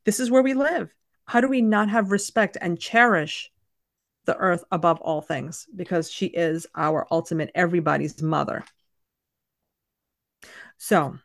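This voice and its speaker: A woman's voice: fairly low pitch, vocal fry, dry recording, studio quality. A woman co-hosting a podcast, chatting casually and emphatically about a book. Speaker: podcast co-host.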